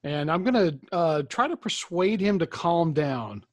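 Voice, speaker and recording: A man's voice: fairly high pitch, lively intonation, a little slow, no echo, studio quality. A man playing a tabletop game, cheerful and talking through his moves. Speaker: player.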